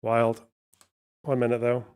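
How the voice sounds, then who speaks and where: A man's voice: mid-range voice, completely flat delivery, unhurried, darkish tone, clear, resonant tone. A man hosting a live stream, commenting on news in a casual, profane, sardonic way and thinking aloud. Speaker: streamer host.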